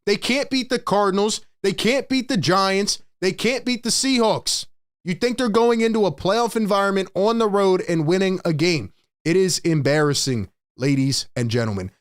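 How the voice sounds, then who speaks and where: A man's voice: high-pitched, normal speed, clean tone. A young man hosting a live postgame show, ranting in an exasperated, emphatic way and repeating lines for effect. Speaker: sports show host.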